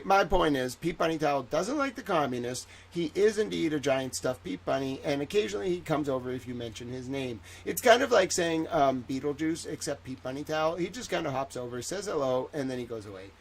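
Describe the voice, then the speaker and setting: A man hosting a livestream in a rambling, jokey way, swinging between loud bursts and soft asides. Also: fairly high pitch, big pitch swings, fairly quick, creaky, few pauses. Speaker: livestream host. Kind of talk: casual livestream chat.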